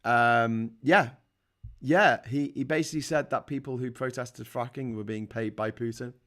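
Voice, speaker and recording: A man's voice: medium pitch, moderate pace, fairly bright tone. Sweary British man ranting on a livestream. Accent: British English. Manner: sweary, heated, sarcastic. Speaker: livestream host reading chat. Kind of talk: casual political rant.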